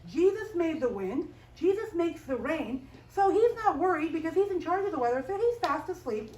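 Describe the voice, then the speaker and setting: Woman, high voice, children's Bible teacher, animated storytelling, echoey room, distant mic. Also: normal speed. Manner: animated, asks the children questions. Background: children's group.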